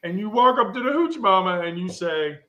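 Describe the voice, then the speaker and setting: A woman's voice: mid-range voice, animated, fairly quick, a bit bright, muffled recording. A woman hosting a live social stream, telling a rambling, profane story full of asides.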